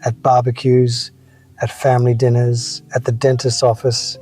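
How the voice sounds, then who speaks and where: A man's voice: mid-range voice, completely flat delivery, normal speed, a little mellow, faint music behind. A man in his seventies telling wry, reflective personal stories as a scripted motivational talk. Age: 70s. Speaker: motivational speaker.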